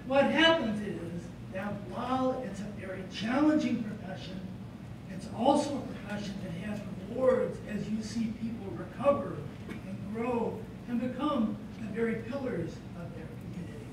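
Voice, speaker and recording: A man's voice: lively intonation, moderate pace. Earnest male professor in an echoey hall. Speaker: psychology professor presenting an award. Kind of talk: ceremony presentation speech. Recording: echoey hall from far off, background rumble.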